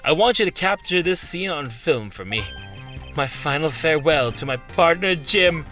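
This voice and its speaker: Man doing a loud, hot-headed prosecutor. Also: a little high, lively intonation, faint music behind. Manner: dramatic, shouting, drawn-out. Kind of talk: game dialogue read aloud.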